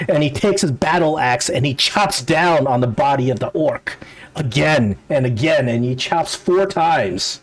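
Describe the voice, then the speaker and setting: A man narrating a tabletop game as game master, halting with frequent restarts. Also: mid-range voice, animated, breathy edge.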